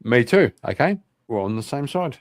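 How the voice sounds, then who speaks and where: A man with an Irish accent hosting an online interview show, chatting casually, animated and swearing freely. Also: medium pitch, normal speed, dry recording, clean studio sound. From Ireland. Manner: animated, swears a lot, laughs often. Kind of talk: casual livestream chat.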